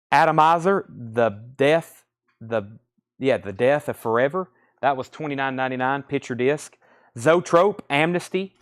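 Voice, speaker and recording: A man's voice: a little high, smooth. A man with a Southern US accent hosting a live record sale, reading off titles, grades and prices and thinking aloud as he goes. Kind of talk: live-stream sales patter. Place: record store.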